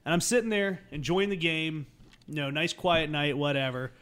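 A man telling a comic story on a podcast, acting out the other people in it and swinging between loud bursts and hushed asides. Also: on the high side, moderate pace, clean tone. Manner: acts out quoted voices, swings loud and soft. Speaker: podcast guest.

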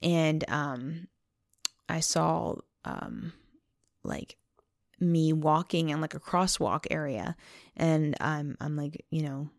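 Gravelly woman rambling through a story. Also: deep voice, slow pace, no room sound, studio quality. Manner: rambling storytelling, heavy use of "like". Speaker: podcast co-host. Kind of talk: faith podcast conversation.

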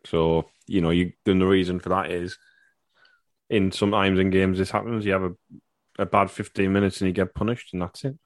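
Deep voiced podcast host guy rambling about footy, dead dry mic. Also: level tone, brisk, no echo. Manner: rambling, conversational. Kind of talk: casual podcast chat.

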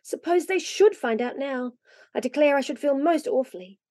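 A woman reading aloud, voicing an excited, fretful young girl who is the eldest sister. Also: moderate pace. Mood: anxious. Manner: high, squealing delight.

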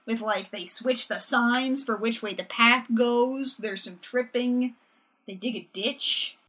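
Bright-voiced woman co-hosting a recap. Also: fairly high pitch, slow. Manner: animated, sarcastic commentary. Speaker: podcast co-host. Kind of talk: casual recap chat.

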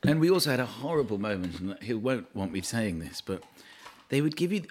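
A man, a guest in casual chat, telling stories in an animated way. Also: fairly low pitch, brisk, slight background noise. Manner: animated storytelling.

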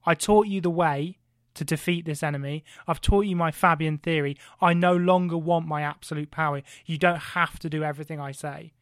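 A man voicing a calm, shrewd male Roman dictator who talks bluntly and swears casually. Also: a little high, brisk, no room sound, studio quality, close to an everyday voice. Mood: dismissive. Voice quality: blunt, matter-of-fact, sweary.

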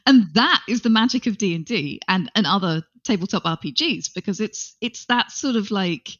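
A woman's voice: medium pitch, normal speed. Chatty woman on a muffled line. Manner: chatty, animated, playful asides. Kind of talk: casual conversation. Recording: slightly dull audio.

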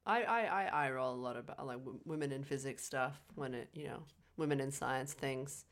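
A woman's voice: very deep voice, moderate pace. A young woman in casual conversation, hesitant and stammering, laughing easily. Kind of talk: casual film discussion.

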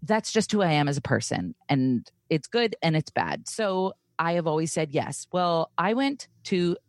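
A woman's voice: sits low, moderate pace, no echo, studio quality. A woman in her thirties telling a personal story in casual chat, acting out the voices of the people in it. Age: 30s. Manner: animated, acts out quoted voices while retelling.

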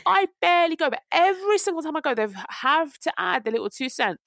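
A woman's voice: high-pitched, sing-song, fast, gravelly, a bit bright, dry recording, clean studio sound. A young woman, ranting animatedly as a podcast co-host, unwell. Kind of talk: casual chat.

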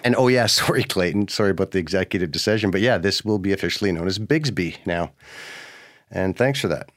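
A man's voice: sits low, lively intonation, quick pace, no echo, clean studio sound. A man hosting a podcast, telling a story casually, laid-back and sarcastic, swearing often. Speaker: podcast host.

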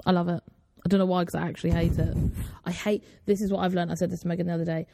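Gravelly, dark-voiced young woman chatting. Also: fairly low pitch, little pitch movement, racing, no room sound, studio quality. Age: 20s. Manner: chatty storyteller, laughs often. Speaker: podcast co-host. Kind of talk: casual chat.

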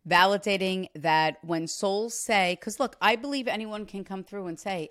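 A woman working as a psychic medium, giving a reading and passing on messages with gasps and animated asides. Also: mid-range voice, moderate pace, few pauses. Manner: animated, gasping, relays spirit messages.

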